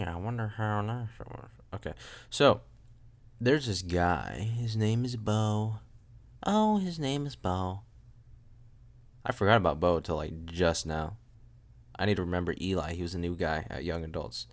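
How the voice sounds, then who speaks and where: A man's voice: sits low, lively intonation, normal speed. A young man hosting a solo podcast from home, rambling and joking at his own expense, often trailing off and restarting. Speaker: podcast host. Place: room at home with a loud air conditioner.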